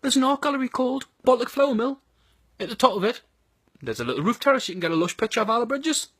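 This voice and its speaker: A man's voice: very high-pitched, lively intonation, quick pace, a bit bright, no echo, clean studio sound. A man with a Geordie accent giving a crude, blunt and sardonic comic monologue about his home city. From North East England.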